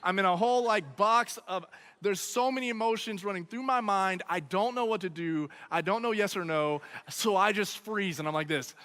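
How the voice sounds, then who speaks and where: A man with a high, bright voice tells a comic personal story to students in an animated style. He keeps checking in with "okay?" and "right?", and his voice carries through a large hall with a long reverb. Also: moderate pace. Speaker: speaker at a student event.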